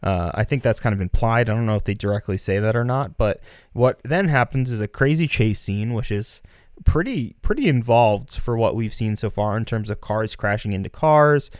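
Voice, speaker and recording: A man's voice: lowish voice, normal speed, no room sound, clean studio sound. A man co-hosting a casual film discussion, enthused and emphatic, filling his speech with "like" and "so". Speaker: podcast co-host.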